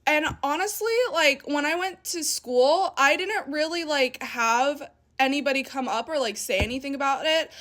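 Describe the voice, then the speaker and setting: Animated young woman telling a story. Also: high-pitched, normal speed. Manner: animated, swearing, indignant. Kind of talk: casual storytime.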